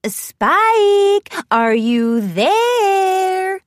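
A woman's voice: extremely high pitch, big pitch swings, extremely slow, dry recording, clean studio sound, pitched above the performer's own voice, heavily acted. A woman putting on an elegant, trilling pony lady. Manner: trilling, refined. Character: elegant, theatrical female pony.

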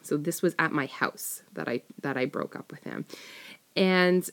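A woman's voice: low voice, measured pace. A woman casually telling a personal story, rambling with many fillers and self-corrections. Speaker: storyteller sharing a personal experience.

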